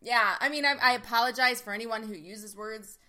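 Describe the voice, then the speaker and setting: Giggly woman podcast host, high voice, bright and sharp, keeps laughing while she talks. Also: fairly quick. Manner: giggly, laughs often, animated storyteller. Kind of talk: casual chat.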